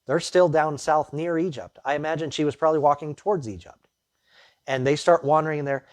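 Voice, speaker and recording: A man's voice: on the high side, steady tone, a little fast, no echo. Conversational male pastor retelling scripture. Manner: retells the scripture story in plain conversational words, with asides. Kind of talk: sermon teaching through a Bible passage.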